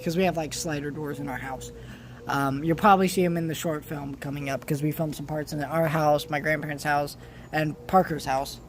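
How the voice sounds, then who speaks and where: A young vlogger telling a rambling home story in casual chat, with many restarts and animated swings between loud bursts and quiet asides. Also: mid-range voice, slight background noise.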